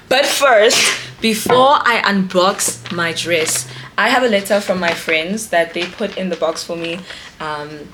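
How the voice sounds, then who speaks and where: A woman's voice: on the low side, slight background noise. A young woman in her twenties, chatting casually to camera and reading friends' letters aloud, prone to giggling. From South Africa. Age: 20s. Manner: chatty, warm-hearted, breaks into giggles. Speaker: vlogger and pageant finalist.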